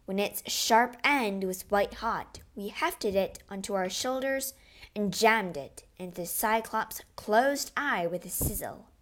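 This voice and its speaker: A woman reads an adventure tale aloud in the first person, with an expressive, storybook delivery. Her pace is slow and deliberate, and her pitch sits in a moderate middle range. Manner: expressive, measured. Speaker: narrator.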